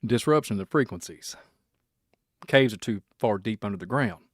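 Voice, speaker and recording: A man's voice: fairly low pitch, animated, normal speed, no echo, clean studio sound. A man from Kentucky with a Kentucky accent, hosting a casual livestream podcast in a rambling, speculative, joking way. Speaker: podcast host.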